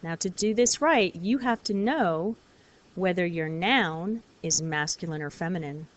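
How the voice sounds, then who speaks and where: A woman's voice: on the low side, measured pace. Patient woman teaching a lesson. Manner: clear, patient teacher explaining step by step. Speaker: French teacher. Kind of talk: recorded classroom lesson.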